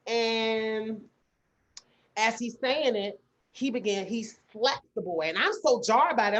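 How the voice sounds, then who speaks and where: A woman's voice: a little high, measured pace, highs cut off. A woman co-hosting a podcast, telling a story in casual chat and acting out the people in it. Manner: animated storytelling with quoted voices. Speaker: podcast co-host.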